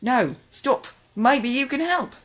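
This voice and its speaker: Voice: high-pitched, very animated, slow, fairly bright tone, pitched above the performer's own voice, heavily acted. A reader voicing a serious male tugboat in a storybook, speaking sternly and urgently. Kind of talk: storybook reading.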